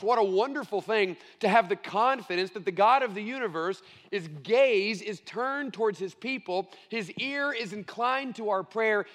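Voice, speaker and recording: A middle-aged male pastor preaching a sermon, earnest and emphatic, stressing key phrases slowly. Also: high-pitched, long reverb tail.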